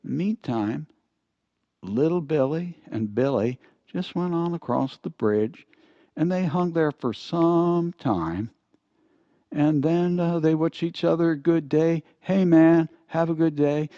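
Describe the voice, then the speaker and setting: An older man telling a folksy story in an easygoing, unhurried way. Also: fairly high pitch, mellow, no echo. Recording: dull, lo-fi dry recording.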